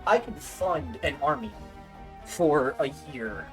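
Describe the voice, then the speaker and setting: A man's voice: on the high side, lively intonation, slow pace, faint music behind. A man streaming a game, joking and playful, with asides to himself. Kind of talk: casual gameplay commentary.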